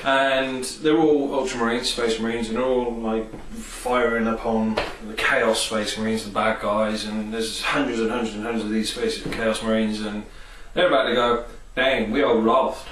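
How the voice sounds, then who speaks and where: A man's voice: lowish voice, steady tone, normal speed, few pauses, a bit bright, distant mic. A man chatting casually and enthusiastically about favourite film scenes, rambling with many fillers. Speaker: vlogger. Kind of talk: casual film and game review. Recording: echoey room, off-mic, faint hiss.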